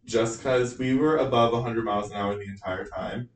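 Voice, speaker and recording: A man's voice: mid-range voice, moderate pace, distant mic. A young man from North Carolina co-hosting a student podcast, teasing his friends in casual chat. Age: young adult. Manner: teasing, joking. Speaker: podcast co-host. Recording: echoey room, off mic.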